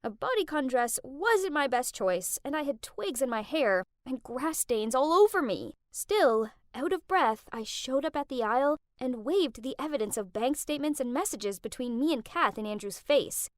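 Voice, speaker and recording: A young woman telling a dramatic first-person story for an animated storytime video, with emotional outbursts. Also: high-pitched, normal speed, hardly any pauses, dry recording, studio quality.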